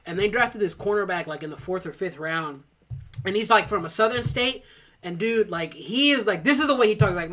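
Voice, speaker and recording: A man's voice: high voice, animated, brisk, bright, forceful tone. A man co-hosting a podcast, telling long, rambling, profane stories in casual chat. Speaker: podcast co-host.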